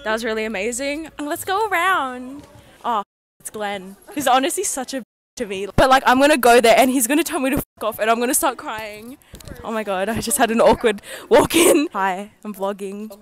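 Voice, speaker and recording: A woman's voice: fairly high pitch, animated, moderate pace. Giggly teen Australian girl vlogging. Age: teens. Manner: giggly, rambling, self-mocking. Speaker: student vlogger. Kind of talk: casual vlog. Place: school grounds, outdoors.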